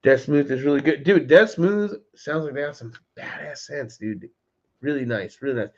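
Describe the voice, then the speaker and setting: In slightly muffled lo-fi stream audio, a man of medium pitch and moderate pace hosts a casual livestream from home. He keeps things loose and chatty, addressing viewers by name and saying "dude."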